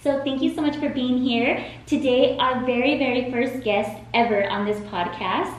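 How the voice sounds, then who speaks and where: A woman's voice: a little high, fairly even intonation, normal speed. A woman co-hosting a podcast, chatting in an enthusiastic, casual way. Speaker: podcast co-host. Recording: very echoey room, faint noise.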